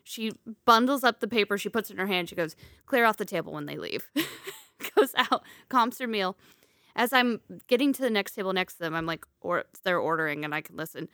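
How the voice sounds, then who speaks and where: A woman with a bright, sharp voice tells a restaurant story in a relaxed chat. She laughs often and acts out each person she quotes. The sound is close and dry. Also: mid-range voice, fairly quick, no room sound.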